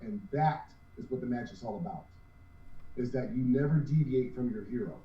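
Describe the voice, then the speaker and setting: In a roomy, distant, dull lo-fi recording, the man in his 50s, co-owner of a cosplay group, speaks at a moderate pace and medium pitch. He's earnest in this casual interview but rambles and keeps restarting his sentences.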